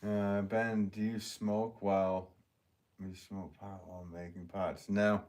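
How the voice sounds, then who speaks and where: A man's voice: fairly low pitch, little pitch movement, slow pace, background noise. A man hosting a pottery livestream, chatting casually and reading viewer comments aloud in a laid-back way, chuckling often. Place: pottery studio, indoors.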